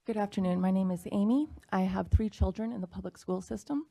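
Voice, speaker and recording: A woman delivering an earnest public comment, her voice gravelly with fry. She sounds emotional and determined. The sound is dry and close. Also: medium pitch, a little fast, dark tone, no echo.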